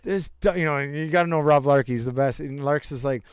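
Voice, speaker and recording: A young man with a smooth, resonant voice rambles through stories, laughing and swearing as he goes. His pitch sits a little above average, and the recording is dry and close. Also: quick pace, no room sound. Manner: rambling anecdotes with laughter and crude jokes. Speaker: storyteller. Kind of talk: casual chat.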